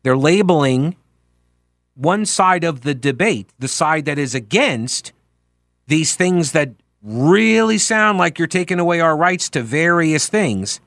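A man's voice: fairly high pitch, lively intonation, unhurried, fairly bright tone, no echo, clean studio sound. A man hosting a political talk radio show, speaking in an opinionated, sarcastic and emphatic way.

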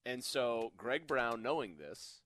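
A man's voice: mid-range voice, sing-song, takes it slowly, a bit bright, no echo. A man co-hosting a sports radio show, talking casually and laughing easily.

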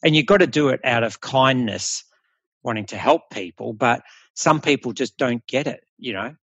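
A man's voice: mid-range voice, normal speed, fairly bright tone, slightly rough, no room sound, muffled recording. A middle-aged Australian man, a health coach, talking bluntly and animatedly in a casual podcast conversation, swearing freely.

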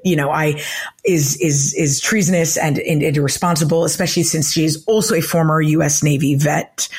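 A woman, a regular guest on a podcast, telling a news story in casual chat, indignant and animated with many restarts. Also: sits low, breathy edge.

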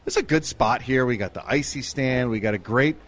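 A man's voice: mid-range voice, a little fast, fairly bright tone. A man co-hosting a live radio show outdoors at a fair, joking with the crowd and his partner. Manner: upbeat, joking banter. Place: outdoor broadcast booth at a state fair.

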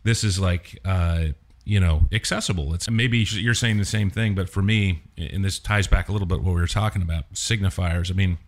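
A middle-aged man hosting a casual music conversation, measured and reflective, asking follow-up questions. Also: low-pitched, fairly even intonation.

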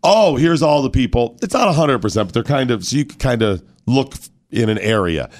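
A man with a hoarse voice hosts a morning talk radio show, swinging into lively storytelling and acting out what others said. His voice sits at an ordinary pitch for a man. He chats with a co-host in easy banter. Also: brisk, no room sound. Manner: animated storyteller, acts out other people's lines.

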